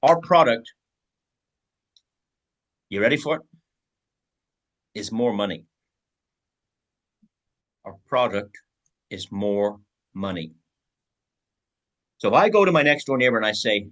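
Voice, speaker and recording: A man's voice: lowish voice, sing-song, slow, long pauses, fairly bright tone, rough recording. A man giving a team sales training talk, acting out both sides of example conversations.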